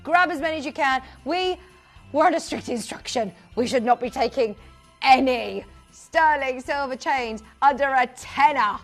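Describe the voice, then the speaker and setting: A woman's voice: high-pitched, moderate pace, faint music behind. A woman presenting live on a shopping channel, chatty and upbeat, calling out buyers' names. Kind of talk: live TV sales pitch.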